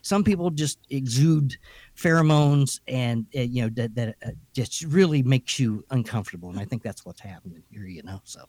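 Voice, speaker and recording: Man, husky voice, lively rising and falling pitch, rambling storyteller, podcast co-host. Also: normal speed, no room sound. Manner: rambling, full of "you know" and restarts; chatty, animated storytelling. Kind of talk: telling a ghost story, casual.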